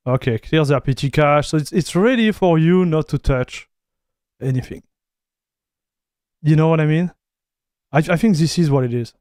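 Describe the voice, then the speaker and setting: Casual, high-voiced male streamer. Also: a little mellow, no room sound, studio quality. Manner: fast, loose talk with many restarts and "dude", "bro". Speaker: streamer reviewing software. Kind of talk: casual live-stream chat.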